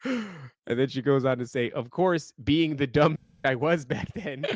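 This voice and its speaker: A man co-hosting a podcast, reading listener stories in casual chat, animated and profane, often laughing while he reads. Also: medium pitch, moderate pace, dry recording, studio quality.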